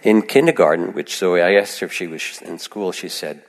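Deep gravelly man teaching meditation. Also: normal speed. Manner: gentle, reflective, conversational with many asides. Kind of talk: dharma talk to a live audience. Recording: long hall reverb.

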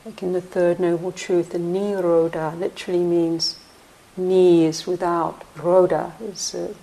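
A woman meditation teacher giving a dharma talk in a slow, reflective way with frequent pauses. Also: on the low side, level tone, vocal fry, warm tone, rough recording.

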